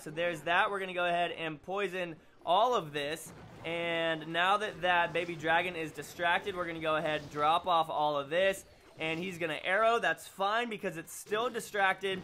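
Young man, gameplay commentary, high voice, excitable, slight background hiss. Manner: excitable, exclaims and groans at the game. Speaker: gaming YouTuber.

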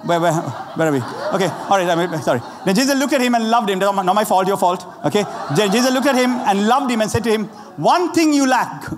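A man preaching a lively, conversational sermon, laughing often and talking straight to the congregation, with a Sri Lankan accent. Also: high-pitched, quick pace, few pauses, crowd noise. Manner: animated, laughing often, asides to the audience. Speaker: pastor. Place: church hall. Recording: roomy church hall with faint ambience.

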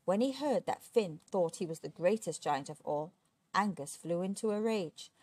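A woman reading a children's storybook aloud, expressive and steady. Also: fairly low pitch, normal speed, no room sound. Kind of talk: children's book read aloud.

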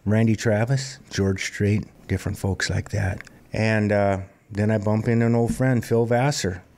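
A man in his fifties from Montana, a singer-songwriter telling plainspoken stories in a relaxed interview. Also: on the low side, a little slow. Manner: relaxed, plainspoken anecdotal storyteller. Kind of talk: conversational storytelling interview.

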